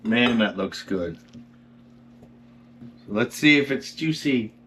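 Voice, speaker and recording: A man hosting a home cooking video, talking through each step and admiring the food with drawn-out, excited exclamations. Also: medium pitch, slight background noise. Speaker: cooking channel host. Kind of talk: cooking vlog narration.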